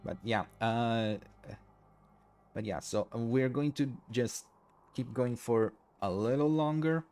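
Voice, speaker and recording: A man streaming a game live, chatting in a rambling, giggly, apologetic way, tired and low on energy. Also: darkish tone. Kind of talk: casual live-stream chat.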